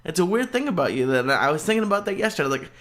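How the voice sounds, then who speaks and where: Co-host, man, fairly high voice, halting and casual. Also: very animated, fairly bright tone. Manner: halting, hesitant, restarts often. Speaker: podcast co-host. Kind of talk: casual chat.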